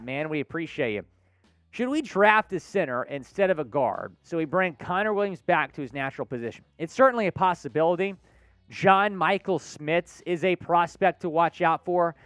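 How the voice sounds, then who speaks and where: A man's voice: fairly high pitch, a bit bright, no room sound. A man hosting a live sports talk stream, answering viewers' chat comments by name in an upbeat, conversational way. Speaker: sports show host.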